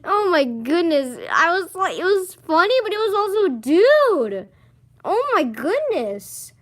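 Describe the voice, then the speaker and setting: High-voiced teen girl ranting. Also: big pitch swings, unhurried, slight background noise. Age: teens. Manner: exasperated, sarcastic, mimics others in low mocking voices. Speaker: student ranting. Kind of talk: casual ranting vlog.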